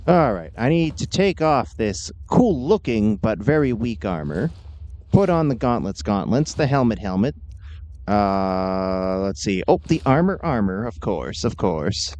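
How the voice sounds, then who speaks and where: Low-voiced man with animated gameplay banter. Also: a little slow. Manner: jokey, animated. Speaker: gameplay host. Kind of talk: casual gameplay commentary.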